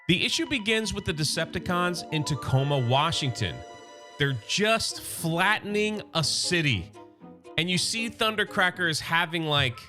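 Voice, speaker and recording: A man casually recapping a comic book issue, enthusiastic and loose, tossing off quick paraphrased lines for the characters. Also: a little high, pushed and bright.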